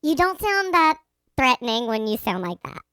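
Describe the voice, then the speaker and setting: A woman's voice: high voice, very animated, moderate pace, sharp tone, clean tone, dry recording, clean studio sound. A young woman hosting a podcast in casual comedic chat, teasing and crude, constantly interrupting with jokes. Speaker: podcast host.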